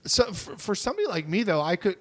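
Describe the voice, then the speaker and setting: A man's voice: high-pitched, very animated, quick pace, fairly bright tone. A man hosting a podcast interview, eagerly affirming his guest and asking long rambling questions. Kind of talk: casual interview chat.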